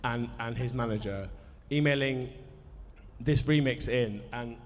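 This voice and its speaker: A man's voice: mid-range voice, measured pace, slight background noise. Nervous rambling man in a reverberant cinema. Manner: rambling, self-deprecating, sweary storytelling. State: nervous, dry mouth. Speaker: musician introducing a film screening. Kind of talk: live speech to a cinema audience. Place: cinema hall at a festival. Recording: live hall reverb, faint crowd ambience.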